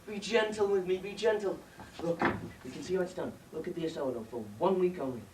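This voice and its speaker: A teenage boy acts out an eager, well-spoken young man with a posh-sounding voice, a little higher than the average male voice. The stage play is caught from afar in an echoing hall, with faint noise. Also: a little fast, close to an everyday voice. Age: teens. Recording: echoey hall from far off.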